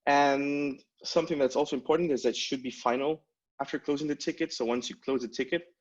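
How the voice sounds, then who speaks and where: A man's voice: mid-range voice, fairly even intonation, quick pace, husky. Man giving a casual tech talk, lo-fi. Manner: casual, many fillers and restarts. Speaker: conference speaker.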